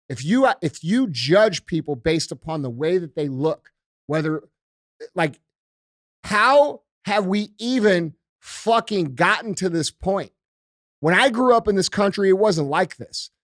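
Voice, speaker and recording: A man's voice: a little high, dry recording, studio quality. A man hosting a podcast, ranting emphatically and heatedly with heavy profanity. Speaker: podcast host. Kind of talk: casual podcast rant.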